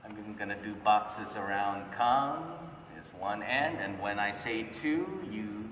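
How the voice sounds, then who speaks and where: Slow-talking man teaching in an echoey hall. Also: on the low side, a bit bright, a little hiss or hum. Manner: patient, counting beats aloud, checking in with "okay?". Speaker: music teacher. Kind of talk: teaching a note-reading class. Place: church hall. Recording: echoey church hall from far off.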